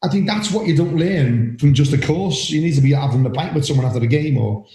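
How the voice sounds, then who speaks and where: An older man with a Liverpool accent, chatting loudly and boisterously as a podcast co-host about refereeing. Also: on the high side, animated, fast talker, roomy sound, rough recording. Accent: Liverpool (Scouse). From Liverpool, England. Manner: loud, boisterous, rambling. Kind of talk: casual chat.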